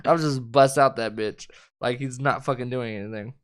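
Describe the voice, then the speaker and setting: A young man co-hosting a casual chat, retelling scenes in a profane, animated way with acted-out quotes. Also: medium pitch, normal speed. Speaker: co-host.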